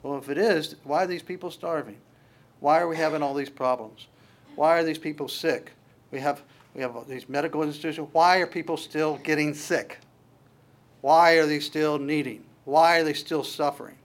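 A man preaching a sermon, animated and repetitive, stumbling through restarts and acting out voices from the text before closing in prayer. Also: fairly high pitch, moderate pace. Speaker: pastor.

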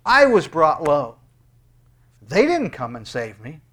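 Preaching pastor, male, higher register; dynamic delivery from loud peaks to hushed lows. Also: sing-song, a little slow. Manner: swings between loud, high exclamations and hushed, low asides. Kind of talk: sermon with scripture reading and closing prayer.

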